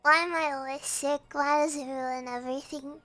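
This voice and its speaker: Sick young woman streamer, high bright voice, slow fretful rambling, soft music behind. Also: fairly even intonation. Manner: fretful, rambling, laughs often. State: sick and feverish, voice strained. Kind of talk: casual livestream chat.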